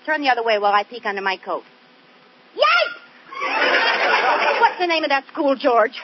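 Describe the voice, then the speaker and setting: A cheerful, scatterbrained young wife who chatters with giggles and flustered asides, her voice set high. She comes through a muffled, hissy old radio broadcast. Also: very animated, normal speed, over a noisy crowd. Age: young adult. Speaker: lead wife character. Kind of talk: 1940s radio comedy acting.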